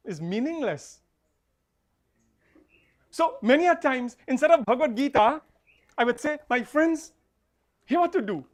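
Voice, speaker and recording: A man, an officiating pundit preaching a funeral sermon, repeating key lines and swinging between soft and loud. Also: extremely high pitch.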